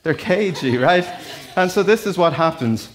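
A man's voice: sits high, expressive, moderate pace. An Irish man preaching a sermon in a church, talking to the congregation in a conversational, storytelling way with asides. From Ireland. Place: church hall.

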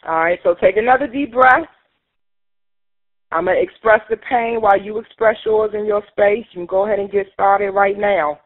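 A woman leading a guided emotional release exercise, urging listeners on emphatically and rising to near shouts. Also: medium pitch, moderate pace. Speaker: workshop leader. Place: teleconference call. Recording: tinny conference call line.

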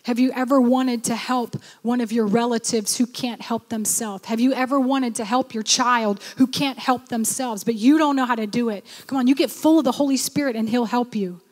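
A woman's voice: a little high, steady tone, normal speed, hardly any pauses, a little mellow, long reverb tail. A woman pastor preaching a sermon, exhorting her listeners and urging them on. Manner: exhorting, repeats "come on".

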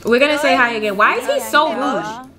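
A woman's voice: high-pitched, very animated, brisk, a crowd in the background. A woman casually commenting on her life-sim game in a chatty, slangy, giggly way. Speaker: gaming youtuber. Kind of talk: casual let's-play commentary.

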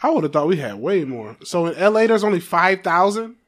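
Excitable higher-pitched man on a podcast. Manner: excitable, quick bursts of talk. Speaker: podcast co-host. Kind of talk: casual comedic chat.

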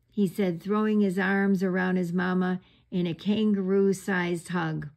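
A woman reads a children's bedtime story aloud at a slow, unhurried pace. Her delivery is gentle and even, suited to a storybook read-along. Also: lowish voice, vocal fry.

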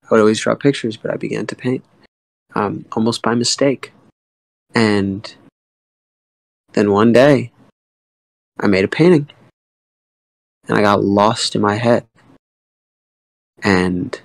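A young man speaking candidly and emotionally in a community AMA. He tells a personal story in halting bursts, with many fillers and some swearing. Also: fairly low pitch, vocal fry, dry recording, low-quality recording. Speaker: guest artist in a community AMA.

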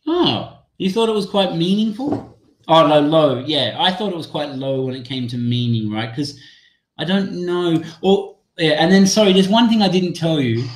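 A man's voice: fairly high pitch, lively intonation, moderate pace. A man presenting a live teacher-training webinar, chatty and apologetic, thinking aloud as he demos an app on a video call. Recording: echoey room sound.

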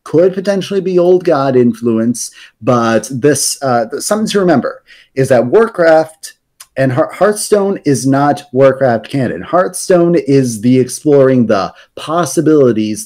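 Man, mid-pitched, casual lore explainer, rambling, lots of fillers. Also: animated, measured pace, a little mellow. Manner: rambling, frequent fillers and restarts. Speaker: podcast guest explaining game lore.

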